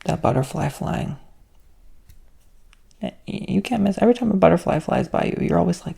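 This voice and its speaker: A flamboyant man gives a sassy, whispered ASMR spiritual talk, dropping casual swears. His voice is heavily gravelly with a husky, breathy edge, and he drifts between soft whisper and low, airy speech. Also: big pitch swings, quick pace. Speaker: ASMR host and spiritual reader.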